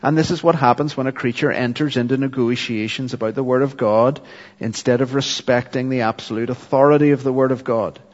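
A man preaching an expository sermon with earnest, steady teaching and occasional ums. His voice carries a long reverb, as if recorded in a large hall. The sound is somewhat dull and lo-fi. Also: medium pitch, brisk.

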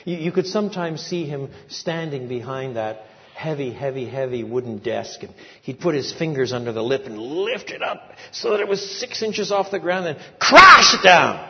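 An older man preaching a sermon, telling a story with lively swings between quiet asides and loud, emphatic peaks. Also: medium pitch. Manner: animated storytelling with big swings in loudness. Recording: muffled recording in a large reverberant hall.

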